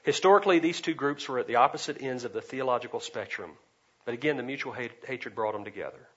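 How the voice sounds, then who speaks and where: A man preaching an expository sermon, swinging between loud emphasis and quiet asides. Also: medium pitch, quick pace, slightly rough, highs cut off. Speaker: pastor.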